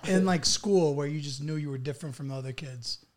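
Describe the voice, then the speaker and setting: A man's voice: on the high side, fairly quick. A man co-hosting a podcast, asking questions in a casual chat. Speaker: podcast co-host.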